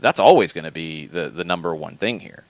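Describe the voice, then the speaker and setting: His voice is strikingly low, yet his intonation is lively as he covers soccer points on a casual podcast. The pace is measured, with frequent restarts as he thinks aloud, and the recording is close and dry, lacking room echo.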